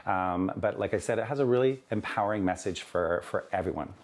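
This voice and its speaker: A man with a lowish voice, interviewed as a children's book author. He tells his story earnestly, warmly and in plain words, often stopping to say "you know". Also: brisk.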